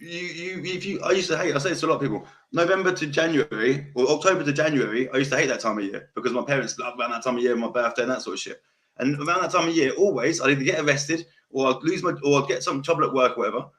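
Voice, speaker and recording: Fast-talking, sweary South London man. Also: mid-range voice, fairly bright tone. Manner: rambling, sweary, repeats himself. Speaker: podcast host. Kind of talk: casual chat.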